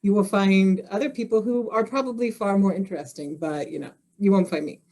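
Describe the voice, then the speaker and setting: A woman's voice: mid-range voice, a little fast, a little mellow. A woman from Indiana, a guest author on a podcast, chatting casually with self-deprecating humor and frequent laughter. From Indiana, USA. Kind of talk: casual interview chat.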